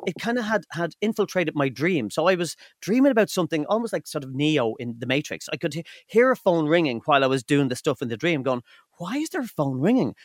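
A man's voice: fairly high pitch, very animated, fast, no room sound, studio quality. A man in his fifties with an Irish accent, co-hosting a casual podcast chat and telling stories animatedly, swearing freely. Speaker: podcast co-host. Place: studio.

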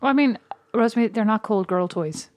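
A fast-talking woman with a mid-range voice and an Irish accent co-hosts a podcast of casual chat, captured in a dry recording. She tends to ramble, keeps restarting what she's saying, and laughs a lot.

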